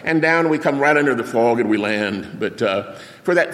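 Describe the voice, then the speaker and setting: An older male preacher with a middle-pitched voice tells a story from the pulpit at a normal pace, animating it with sound effects and acted-out quotes. His storytelling sermon rings with the long reverb of a large hall, like a big church sanctuary.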